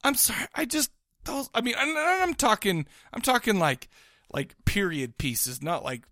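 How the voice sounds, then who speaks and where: Bright, lively, bashful man rambling. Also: sits high, normal speed, dry recording, studio quality. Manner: bashful, rambling, many restarts. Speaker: podcast co-host. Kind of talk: casual banter.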